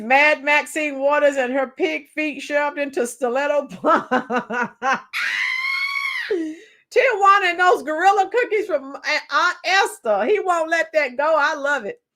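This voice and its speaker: A woman with a hoarse, cracking voice giving chatty, opinionated political commentary on a live stream and reading viewer comments. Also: high-pitched, fairly bright tone. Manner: opinionated, chatty, sings song snippets slowly. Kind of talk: casual political commentary livestream.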